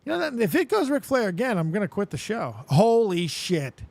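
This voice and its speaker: A man hosting a casual show, talking in a rambling, profane, excitable way. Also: sits high, fast, gravelly, no room sound. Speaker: host. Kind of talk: casual chat.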